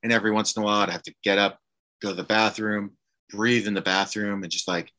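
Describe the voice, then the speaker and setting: A man, an actor, telling a candid personal story in conversation, halting and emotional with many fillers and restarts. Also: on the low side, level tone, bright, forceful tone. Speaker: actor guest.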